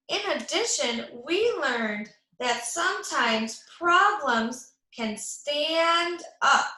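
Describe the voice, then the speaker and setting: A woman teaching a math lesson to young children, speaking slowly and clearly, asking questions and then answering them herself. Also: high voice, pushed and bright. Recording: echoey room.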